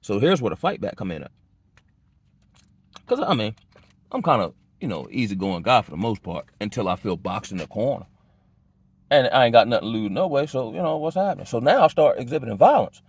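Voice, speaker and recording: Giving a personal testimony in casual speech, a man recounts his own hardships in loose street slang, with a dry, close sound and no room tone. His voice is a little mellow, but he restarts often, keeps saying "you know what I'm saying," and gets emotional, his pitch leaping high when he's agitated.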